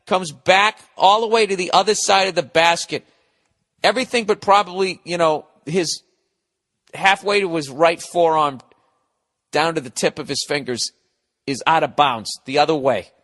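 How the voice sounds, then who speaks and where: A middle-aged man hosting a podcast, rambling casually in an animated, profane, sarcastic way. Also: fairly high pitch, normal speed. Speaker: podcast host.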